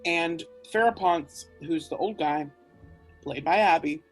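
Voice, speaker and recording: A woman's voice: fairly low pitch, a little slow, rough recording. A young woman, tipsy, recaps a play's plot in a chatty, matter-of-fact way. Faint music plays behind her. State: drunk. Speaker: drunk narrator. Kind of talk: tipsy comic retelling of a play.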